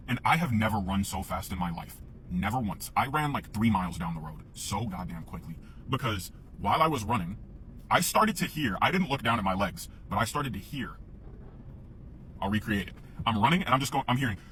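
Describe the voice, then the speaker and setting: A man's voice: mid-range voice, fairly bright tone, a little hiss or hum, rough recording. A man telling a casual, rambling story to camera, swearing freely and often laughing.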